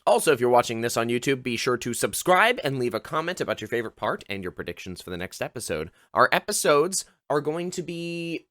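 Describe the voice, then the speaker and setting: A man's voice: mid-range voice, big pitch swings, fairly quick, hardly any pauses, fairly bright tone, no room sound, clean studio sound. Laid-back man running a tabletop game. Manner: casual, swears, laughs easily. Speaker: game master.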